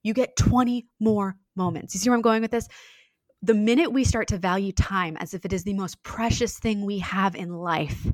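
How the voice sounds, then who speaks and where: A woman's voice: mid-range voice, no echo, clean studio sound. A woman in her thirties speaking earnestly and reflectively as a podcast guest, with many fillers and restarts. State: briefly tearful. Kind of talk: heartfelt podcast conversation.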